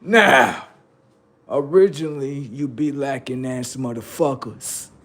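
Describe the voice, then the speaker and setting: A man's voice: medium pitch, takes it slowly, noisy background. A man hosting a livestream, delivering a heated, profane and confrontational political rant that taunts his listeners. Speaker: livestream host.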